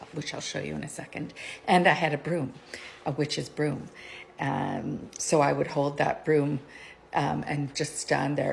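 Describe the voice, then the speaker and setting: A middle-aged woman chats to her vlog viewers in a rambling, digressive way and laughs often. Her voice sits low, with a gravelly fry running through it. There is faint noise in the background. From Canada. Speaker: vlogger. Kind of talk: casual chat, rambling storytelling.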